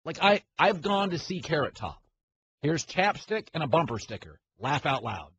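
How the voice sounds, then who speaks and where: A man's voice: on the high side, big pitch swings, moderate pace. A man hosting a sports talk show, opinionated and rambling, often stopping and restarting his sentences. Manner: rambling, opinionated, self-interrupting. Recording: slightly muffled, faint hiss.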